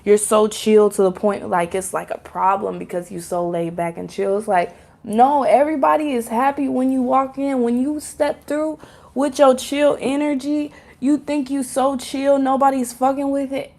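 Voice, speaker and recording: Chatty woman with a gravelly voice. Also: high-pitched, fairly even intonation, moderate pace, darkish tone. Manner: chatty and loose, with frequent fillers, laughter and casual swearing; talks straight to viewers as "y'all". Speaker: tarot card reader. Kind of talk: casual pick-a-card tarot reading.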